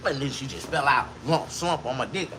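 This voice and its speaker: A male comedian telling crude, boastful stories full of profanity, often jumping into a much higher voice. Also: a little fast, very noisy. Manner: animated, with sudden jumps to a high voice.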